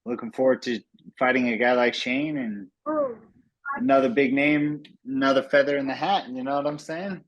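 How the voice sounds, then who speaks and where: A man, a fighter on a media call, speaks in a relaxed, slangy way. His pitch is middling and the sound is dry. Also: normal speed, no echo, lo-fi sound. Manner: laid-back, slangy. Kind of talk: casual press call talk.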